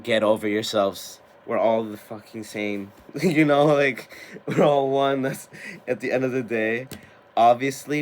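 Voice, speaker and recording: Hosting his tarot and spiritual channel, a twenty-something man chats to camera in a lowish voice, growing excited, laughing often and swearing now and then. There's a slight hiss or hum in the audio.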